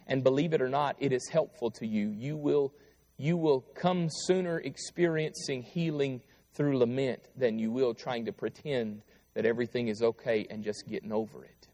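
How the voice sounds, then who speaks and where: A male pastor preaching a sermon, reading scripture aloud with pleading intensity that swells and then falls quiet. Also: medium pitch, big-room sound. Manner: impassioned, rising to pleading cries then dropping quiet.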